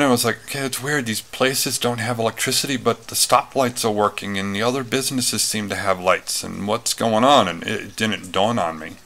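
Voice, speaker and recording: A man's voice: lowish voice, gravelly, bright, forceful tone. A man telling a personal story in a casual talk, rambling with many fillers and restarts. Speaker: retreat speaker.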